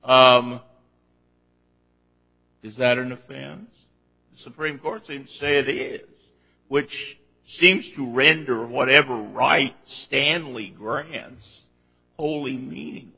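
Gravelly judge in an echoing courtroom. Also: male voice, mid-range voice, slow pace, pauses often, pushed and bright. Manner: pointed, probing questions. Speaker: presiding appellate judge. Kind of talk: courtroom oral argument questioning. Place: large courtroom.

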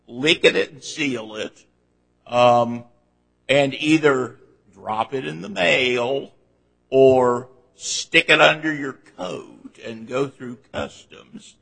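A man's voice: mid-range voice, gravelly, a bit bright, slightly rough, long reverb tail, low-quality recording. A man presiding as an appellate judge, pressing counsel with pointed, probing questions during oral argument in a large courtroom.

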